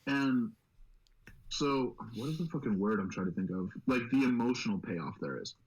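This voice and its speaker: A young man co-hosting a podcast in casual chat, swearing constantly and rambling excitedly. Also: lowish voice, normal speed, poor audio. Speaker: podcast host.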